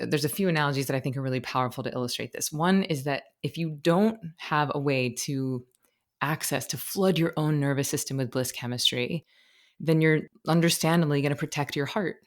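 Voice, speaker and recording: A woman speaking as a podcast guest and meditation teacher, explaining ideas expressively through analogies and stories. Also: a bass voice. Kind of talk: conversational interview.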